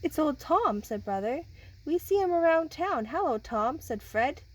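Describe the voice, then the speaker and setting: A storybook reader reads a children's picture book aloud and chats with the kids who are listening. Her voice sits high, her pace is measured, and she sounds animated, though the recording is rough.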